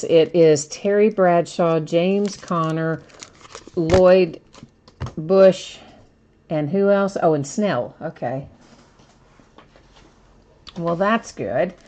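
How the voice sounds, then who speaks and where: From a table indoors, a woman with a low, slightly mellow voice hosts a live card break, speaking slowly and pausing often. She chats casually, greets viewers by name, and explains the rules patiently and at length, with faint noise beneath her voice.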